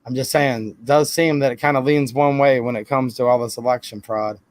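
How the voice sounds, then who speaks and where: Brisk and medium-pitched, with a steady tone, a man runs a live stream and answers viewer comments. His casual talk rambles emphatically, dotted with defensive asides.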